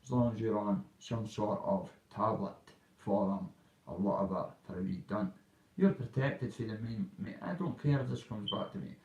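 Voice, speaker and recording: A man's voice: lowish voice, expressive, moderate pace, a little mellow, muffled recording. A man in his thirties with a Dundee Scottish accent, talking in a blunt, rambling monologue full of local slang. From Scotland. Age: 30s. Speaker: vlogger. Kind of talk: casual monologue. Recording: roomy and off-mic.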